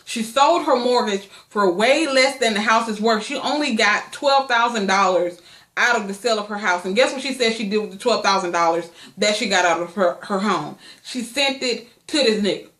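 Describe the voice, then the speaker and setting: A woman's voice: on the high side, moderate pace, a bit bright. A woman vlogging in a casual chat, blunt and profane, rambling and long-winded. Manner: profane, blunt gossip commentary. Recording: echoey room.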